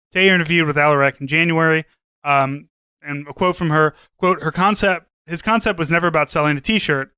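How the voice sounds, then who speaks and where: A man's voice: on the high side, pushed and bright, smooth, no room sound. A man co-hosting a podcast in casual chat, retelling a news story conversationally. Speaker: podcast co-host.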